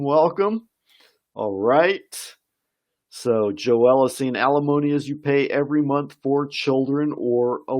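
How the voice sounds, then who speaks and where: A man teaching an English vocabulary lesson on a live stream, reading viewer comments aloud and encouraging them. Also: medium pitch.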